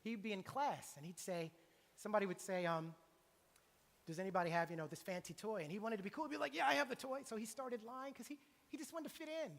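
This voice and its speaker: A middle-aged man preaching a sermon in a church, animated and acting out the voices he quotes. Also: high voice, fast. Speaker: pastor. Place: church sanctuary. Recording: long church reverb.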